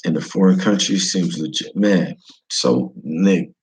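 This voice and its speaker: A man's voice: deep voice, measured pace, darkish tone, low-quality recording. A man from the United States casually telling a travel story, slangy, profane and rambling.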